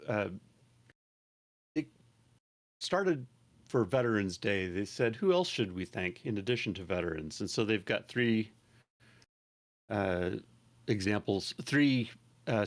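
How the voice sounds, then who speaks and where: A man co-hosting a casual podcast chat, talking hesitantly with many pauses. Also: on the low side. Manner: hesitant, full of uh pauses and restarts. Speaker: podcast co-host.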